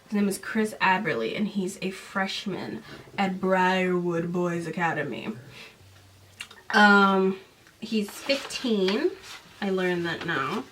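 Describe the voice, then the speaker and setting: A woman in her late twenties or thirties recaps a book for her podcast in a loose, chatty way. She is sarcastic and mocking, with animated asides. Her voice sits a little away from the mic, with a faint hiss behind it. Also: medium pitch, slow, distant mic. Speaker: podcast host. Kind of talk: casual book recap and commentary.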